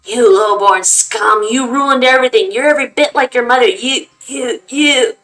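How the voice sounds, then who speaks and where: A woman voicing a guilt-maddened old grandfather who rants and shouts at his family. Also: fairly high pitch, moderate pace, soft background music, pitched above the performer's own voice, lightly acted, low-quality recording. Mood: furious. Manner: shouting, ranting. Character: raving old male grandfather, guilt-mad, zealous.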